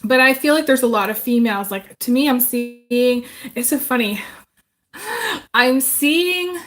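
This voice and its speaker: A woman giving a casual live tarot reading, rambling and chatty, with many pauses and restarts. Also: on the high side, a bit bright. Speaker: tarot reader.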